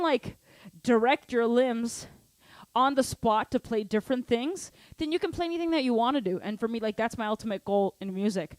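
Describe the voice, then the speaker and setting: A woman's voice: on the high side, no echo. Chatty, encouraging woman drum teacher. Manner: encouraging, chatty, many "like" fillers. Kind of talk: live online drum lesson.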